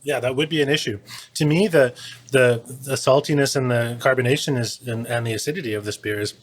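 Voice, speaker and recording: Fast-talking man with a husky voice. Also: medium pitch. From Canada. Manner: quick, easygoing, casual. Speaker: beer writer and podcast guest. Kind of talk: casual chat.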